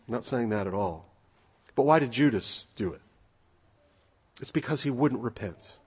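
Husky-voiced man preaching a sermon. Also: mid-range voice. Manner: earnest, emphatic preaching with rhetorical questions.

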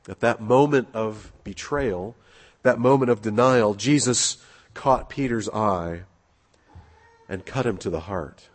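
A man's voice: on the low side, takes it slowly. A man preaching a sermon in an earnest way, repeating key phrases for emphasis. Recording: long echoing hall reverb.

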